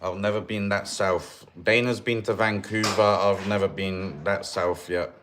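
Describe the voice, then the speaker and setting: A man's voice: fairly low pitch, fairly even intonation, a little slow, background noise. A man with a Birmingham accent chatting casually on a livestream from his off-grid homestead kitchen. He is laid-back, answers viewer comments and calls everyone mate. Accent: Birmingham English.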